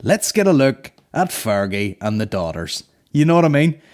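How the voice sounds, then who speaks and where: A man's voice: mid-range voice, sing-song, moderate pace, a little mellow. A man hosting a comedy podcast, rambling crudely with heavy swearing. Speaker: podcast host. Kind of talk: casual comedy podcast banter.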